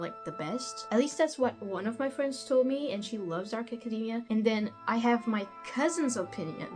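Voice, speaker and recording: Chatty woman book vlogger. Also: a little high. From Portugal. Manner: chatty, self-deprecating, laughs between points. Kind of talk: casual chat, book reading vlog.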